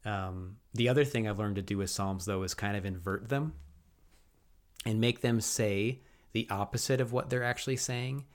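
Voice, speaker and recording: A man's voice: fairly low pitch, steady tone, normal speed. A man co-hosting a faith podcast, talking in an earnest, thoughtful way with frequent restarts. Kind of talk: reflective faith podcast talk.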